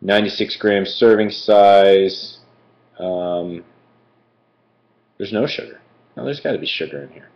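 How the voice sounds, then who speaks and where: A man's voice: lowish voice, measured pace, long pauses. A man from Philadelphia doing a casual live-stream food review, chatty and rambling, with many fillers and digressions. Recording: echoey room, dull lo-fi stream audio.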